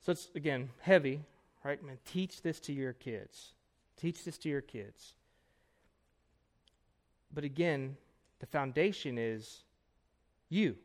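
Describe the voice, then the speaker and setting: Conversational man preaching at a conference. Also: medium pitch. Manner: conversational, emphatic, quick asides and rhetorical "right?". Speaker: pastor. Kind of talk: conference breakout teaching. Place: conference room.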